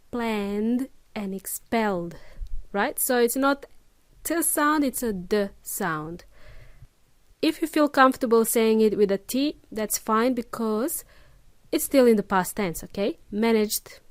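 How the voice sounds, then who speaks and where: Patient, slow-paced woman teaching English. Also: on the high side, no room sound. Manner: patient, checks in with listeners often. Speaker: English teacher, podcast host. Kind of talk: casual spoken lesson.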